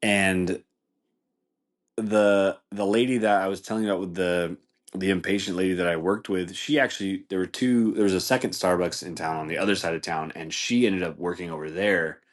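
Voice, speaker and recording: Podcast host, young man, low voice, animated and profane storyteller. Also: normal speed. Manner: animated, swears, says dude a lot. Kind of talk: casual storytelling.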